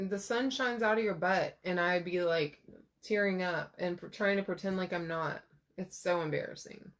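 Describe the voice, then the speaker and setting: A woman's voice: mid-range voice, fairly bright tone. A woman in her thirties chatting casually while crafting, telling rambling personal stories with lots of fillers. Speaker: crafter vlogger.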